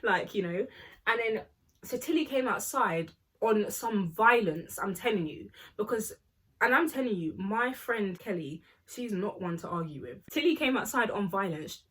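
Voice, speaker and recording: A young woman telling an animated, slangy storytime vlog. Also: mid-range voice, normal speed, breathy edge. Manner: animated, slangy, laughs often while telling. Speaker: vlogger.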